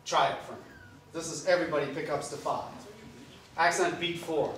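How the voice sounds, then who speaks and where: An older man from New Orleans coaches a school jazz band, scatting drum rhythms aloud with a joking touch. His voice sits a bit high for a man. The band room is very echoey, and he is heard from a distance over faint room noise. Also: fairly even intonation, normal speed, fairly bright tone. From New Orleans, USA. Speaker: band clinician. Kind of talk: jazz band clinic instruction.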